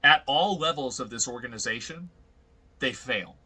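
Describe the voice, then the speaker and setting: A man's voice: medium pitch, expressive, normal speed, pushed and bright, husky, low-quality recording. A man in a played clip, giving prepared commentary in an emphatic, declarative manner.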